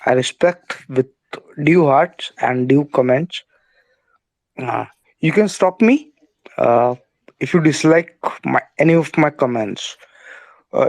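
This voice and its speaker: A man, hoarse from a sore throat. He talks slowly and hesitantly, filling pauses and apologizing as he goes. His voice sits a little high and the sound is dry and close. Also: dry recording. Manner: hesitant, many fillers, apologetic. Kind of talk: casual discussion, call-in.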